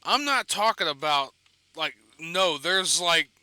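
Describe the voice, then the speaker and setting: Bright, crisp-voiced man streaming a game. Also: fairly high pitch, animated, slow pace, no echo. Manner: swearing, laughing, rambling asides. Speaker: gaming streamer. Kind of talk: casual gameplay commentary.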